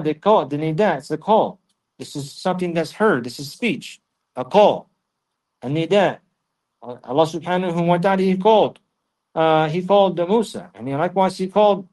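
A man's voice: fairly high pitch, darkish tone. A man teaching a religious lesson, reciting Arabic verses and then explaining them in English, often repeating phrases for emphasis. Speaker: Islamic teacher.

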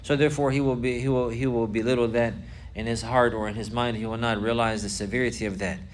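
A man's voice: mid-range voice, steady tone, quick pace, a little hiss or hum. Man teaching a religious lesson. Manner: repetitive, explanatory, emphatic. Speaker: Islamic teacher.

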